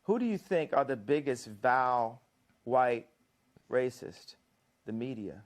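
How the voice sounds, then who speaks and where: A man's voice: mid-range voice, lively intonation, slow pace. A man as a guest in a heated TV interview, talking confrontationally, repeating and mocking.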